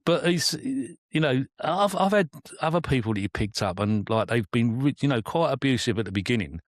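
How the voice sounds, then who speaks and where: A man's voice: medium pitch, expressive, moderate pace, no echo, clean studio sound. A man, a cab driver co-hosting a casual chat and telling anecdotes, acting out what passengers said. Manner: anecdotal storyteller, acts out passengers' lines. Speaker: London cab driver, co-host.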